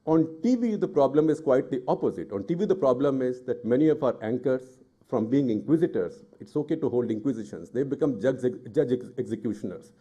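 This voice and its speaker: A middle-aged journalist from India addresses a panel in a deep, very dark and mellow voice. He talks at a middle pitch and drives his points home with forceful indignation. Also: lively intonation, brisk, slightly rough. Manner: forceful and indignant, rising in anger. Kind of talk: impassioned public talk.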